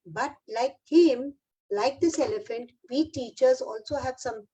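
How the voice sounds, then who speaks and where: A woman's voice: sits high, unhurried, dark tone, husky, poor audio. Encouraging Indian English woman speaker. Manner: encouraging, addresses audience like a class. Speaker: keynote speaker. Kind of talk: motivational keynote to teachers.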